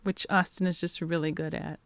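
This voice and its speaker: A woman presenting a casual, chatty talk on novels, full of quick asides. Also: lowish voice, little pitch movement. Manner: chatty, quick asides, mimics characters she discusses. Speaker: conference presenter.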